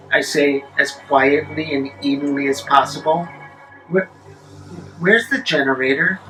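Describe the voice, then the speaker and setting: A man telling a spooky story in the first person, measured, with wry deadpan asides. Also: fairly high pitch, low-quality recording.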